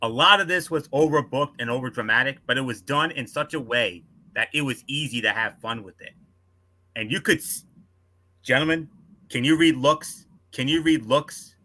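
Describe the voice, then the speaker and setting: Bright, emphatic male co-host. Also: mid-range voice, normal speed. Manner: emphatic, asks rhetorical questions. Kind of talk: wrestling recap chat.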